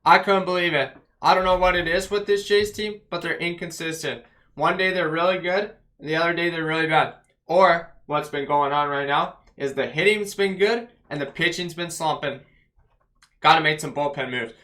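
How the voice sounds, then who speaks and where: A man's voice: on the high side, fairly even intonation, moderate pace, sharp tone. A man hosting his own fan channel, ranting bluntly about a loss and rattling off stats and player names. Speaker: fan vlog host. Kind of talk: post-game fan rant.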